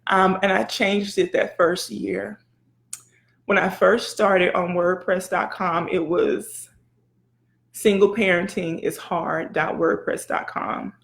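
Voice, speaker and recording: Gravelly-voiced woman preaching motivation. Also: medium pitch, takes it slowly. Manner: lively, preachy, folksy and motivational. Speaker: blogger and educator. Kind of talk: casual live video chat.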